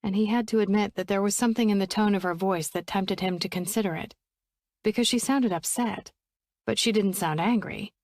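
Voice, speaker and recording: A woman narrating a romance audiobook in a steady, even storytelling voice on a close studio mic. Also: mid-range voice, brisk, dry recording.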